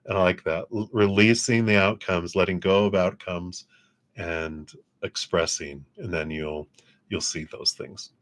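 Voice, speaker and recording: A man giving a livestream tarot reading, chatty and upbeat, laughing often as he offers gentle spiritual encouragement. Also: sits low, unhurried. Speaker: tarot reader.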